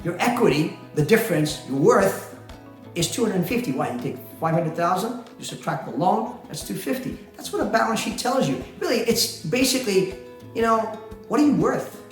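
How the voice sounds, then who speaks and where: A man's voice: sits high, lively intonation, normal speed. A man, a company president, explaining things in a chatty way, asking rhetorical questions and often laughing. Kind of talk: explainer talk to camera. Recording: very echoey room with faint music.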